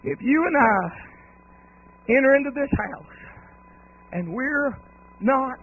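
A man preaching a revival sermon, driving his points home with rhythmic repetition and shouted cries. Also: very high-pitched, animated, slow, phone-quality sound, slight background noise.

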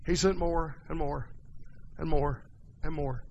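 A man preaching a folksy sermon in a church, dropping quiet and then rising to hollering. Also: a little high, fairly even intonation, takes it slowly, vocal fry, highs cut off, slight background noise.

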